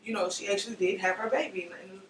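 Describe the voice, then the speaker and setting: A woman's voice: medium pitch, steady tone, quick pace, fairly bright tone. A young woman giving an emotional personal testimony, often acting out what others said. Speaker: interviewee. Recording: roomy, slightly distant mic with faint noise.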